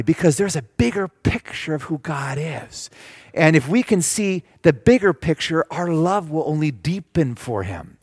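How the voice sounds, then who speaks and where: A man preaching a sermon, reading scripture slowly with emphasis and explaining it in simple terms. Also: a little high, darkish tone, no echo, clean studio sound. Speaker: pastor.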